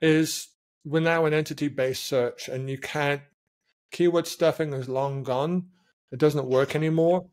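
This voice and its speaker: A man speaking as a podcast guest and SEO consultant over a remote call, telling stories in a rambling, animated way. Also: a little high, measured pace. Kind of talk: casual podcast chat.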